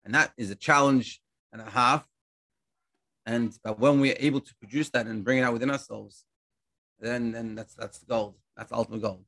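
A man gives a relaxed Torah class with a bright, forceful voice, and his pitch sits right in the middle. He tells stories in a lively, conversational way, often stopping to restart a phrase and repeating words as he goes. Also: normal speed, gravelly. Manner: animated storytelling with many restarts. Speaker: rabbi teaching a class.

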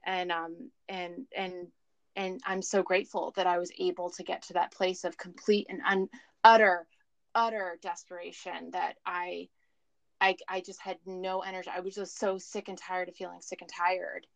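A woman's voice: fairly low pitch, little pitch movement, moderate pace, vocal fry, dry recording. A woman calling in as a guest, telling her personal story in a candid, emotional and rambling way over the phone. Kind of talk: candid recovery story chat. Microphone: phone call.

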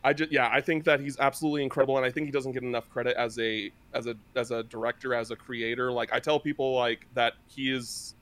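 A man co-hosting a gaming podcast, rambling like an excitable fan, often restarting his sentences. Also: medium pitch, fast talker, hardly any pauses. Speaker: podcast co-host. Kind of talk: casual chat.

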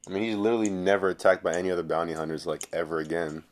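Deadpan low-voiced young man. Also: racing. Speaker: podcast co-host. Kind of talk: casual podcast chat.

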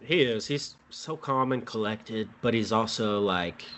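A man co-hosting, chiming in slowly and agreeing in casual chat. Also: lowish voice, fairly bright tone.

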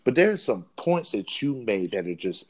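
A man's voice: on the low side, big pitch swings, moderate pace, a little mellow. A man co-hosting a sports podcast, arguing a point with emphatic, repeated words. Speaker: podcast co-host. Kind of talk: sports debate.

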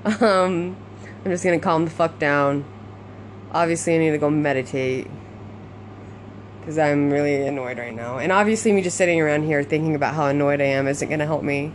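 A woman's voice: low voice, a little fast. Swearing, venting woman vlogger at home. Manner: swears a lot, talks to herself, swings between frustrated and laughing. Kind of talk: venting casual monologue. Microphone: phone recording that sounds muffled. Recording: muffled phone audio, faint background noise.

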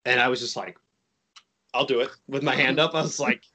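A man's voice: mid-range voice, fairly even intonation, fairly quick, bright, forceful tone. Rambling man telling a story. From Chicago. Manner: rambling, many likes and restarts. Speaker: podcast guest, wrestler. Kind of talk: casual storytelling chat.

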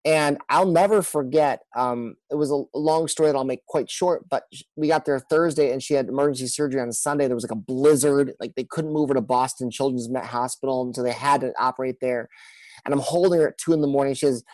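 A man, a pastor and guest on a podcast, telling a personal story in an earnest, halting way with many restarts. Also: medium pitch, a little mellow, no echo, rough recording.

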